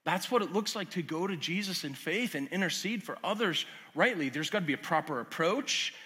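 A man preaching a sermon as pastor, swinging from loud urgent emphasis to quiet lowered asides. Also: lively intonation, fairly quick, slightly rough. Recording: long hall reverb.

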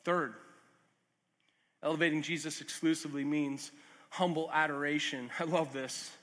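A man's voice: on the high side, steady tone, normal speed, fairly bright tone. A man preaching a sermon as a pastor, earnest and conversational, with asides, jokes and restarts. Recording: long hall reverb.

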